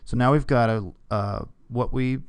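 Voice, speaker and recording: A man teaching a casual screen-recorded software tutorial, talking through each click and checking in with "okay?". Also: mid-range voice, fairly even intonation, unhurried, clear, resonant tone, no echo.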